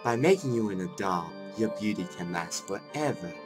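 A man voicing a cold, calculating doctor father in a horror game, with a calm, theatrical formal delivery. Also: fairly low pitch, moderate pace, over music, natural voice. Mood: sinister.

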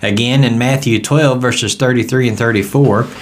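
Southern US man, Bible study teacher, relaxed folksy delivery, medium voice. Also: medium pitch, moderate pace, a little hiss or hum. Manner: folksy storytelling, conversational.

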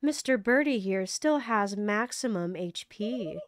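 A woman's voice: medium pitch, lively intonation, unhurried, no echo, studio quality, close to an everyday voice. A woman voicing a haughty, commanding female robot queen villain while reading game dialogue aloud. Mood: scheming. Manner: imperious, theatrical.

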